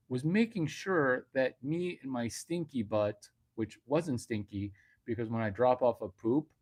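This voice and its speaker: Slow, crude rambling man. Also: on the low side, darkish tone. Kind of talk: rambling comic livestream rant.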